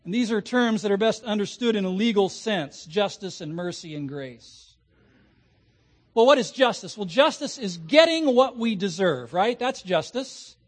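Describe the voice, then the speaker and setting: Male pastor, sermon delivery, high voice, leans on key words slowly, draws in the room with questions. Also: expressive. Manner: asks the congregation questions, slows down to stress key words.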